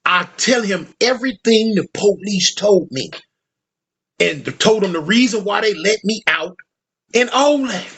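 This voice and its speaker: A man's voice: sits high, a little slow, breathy edge. A man telling a prison story in casual slang, acting out the people he quotes. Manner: slangy, animated, acts out quoted voices. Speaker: storyteller recounting prison life.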